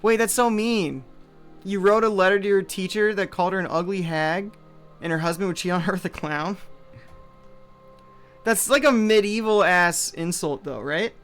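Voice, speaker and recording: A man's voice: high-pitched, normal speed, a bit bright, clean tone, soft background music. A man streaming live, reading chat aloud and riffing on it in a loose, rambling way full of "like" and trailing asides.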